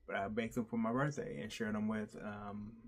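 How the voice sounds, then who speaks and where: A man telling a heartfelt story in a casual personal vlog, halting often with fillers and restarts. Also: fairly low pitch, steady tone. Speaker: vlogger.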